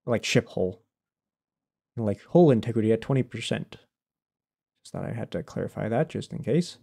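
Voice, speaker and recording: A man's voice: fairly low pitch, animated, brisk, gravelly, long pauses, dark tone, slightly rough. A man streaming a game live, chatting casually, laughing often and answering his chat as he plays.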